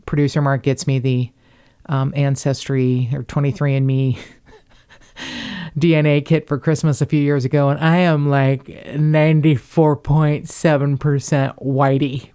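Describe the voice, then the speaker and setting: A woman's voice: low voice, level tone, a little slow, warm tone, smooth. A woman from the Cincinnati area hosting a podcast, chatting in a rambling way with wry asides. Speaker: podcast host. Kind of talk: casual chat.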